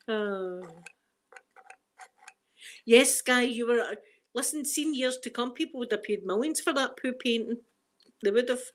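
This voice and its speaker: A woman's voice: fairly high pitch, takes it slowly, long pauses, slight background noise. A middle-aged woman with a Scottish accent chatting casually on a live stream, reading the chat and laughing often. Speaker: ASMR streamer.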